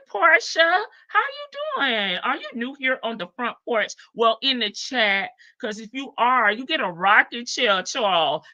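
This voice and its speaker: Bright-voiced chatty woman livestream host. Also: a little high, no room sound, muffled recording. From Chicago. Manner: chatty, greets viewers one by one, sassy asides. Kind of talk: casual livestream chat.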